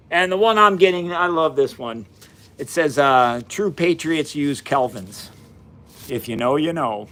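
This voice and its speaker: A cheerful man in his fifties, voice sitting a little high for a man, chats casually with his live audience from his basement. He thanks viewers one by one in a friendly, folksy way, tossing out quick asides. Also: bright, forceful tone. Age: 50s. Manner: upbeat and folksy, greeting viewers by name. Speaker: science livestream host. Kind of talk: casual live-stream chat. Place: home basement.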